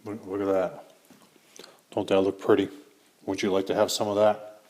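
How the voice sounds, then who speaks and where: Speaking in a low, level voice that's a little mellow and husky, this middle-aged cooking channel host moves at a moderate pace and pauses often. He chats folksily to the camera during a casual cooking demo, addressing his audience as "folks."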